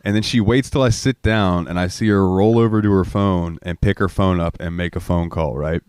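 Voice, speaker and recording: Deep-voiced guy on a podcast, dry close sound, laughs a lot at his own crude stories. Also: steady tone, moderate pace, a little mellow, clean tone, no room sound. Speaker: podcast co-host. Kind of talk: casual podcast chat.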